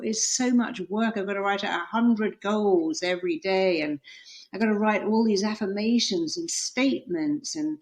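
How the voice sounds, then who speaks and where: A middle-aged woman author, a guest on an interview podcast, telling stories with lively quoted voices. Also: mid-range voice. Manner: animated storytelling, acting out quoted voices.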